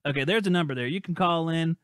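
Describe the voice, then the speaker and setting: A man hosting a live call-in podcast, chatty and playful as he reads out listener messages. His voice sits a little high for a man. The sound is close and dry, with no room echo. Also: fast talker, fairly bright tone. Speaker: podcast host. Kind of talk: casual live-stream podcast chat.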